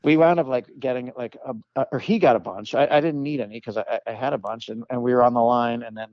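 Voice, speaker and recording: A man's voice: mid-range voice, fast, no room sound, muffled recording. A man, a comedic actor, telling stories as a podcast guest in casual chat, rambling with many fillers and restarts and acting out the people he quotes.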